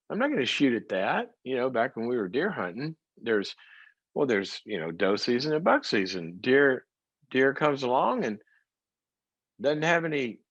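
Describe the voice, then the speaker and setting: Lively-voiced man giving a folksy teaching talk. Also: mid-range voice, no room sound, dull audio. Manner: folksy, uses everyday examples and rhetorical questions. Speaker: psychologist and speaker.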